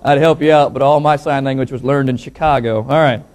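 A man preaching to a church congregation, mixing joking asides with slow, loud scripture reading. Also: medium pitch, steady tone. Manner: joking asides, then declaiming scripture slowly and loudly. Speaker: pastor. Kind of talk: sermon with jokes and scripture reading.

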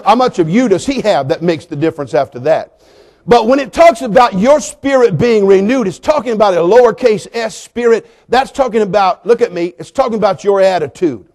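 A male preacher with a high-pitched voice tells a story from the pulpit. He moves from hushed, slow asides to loud, shouted moments. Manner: animated storyteller, swings from quiet to shouting. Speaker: pastor. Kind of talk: storytelling sermon.

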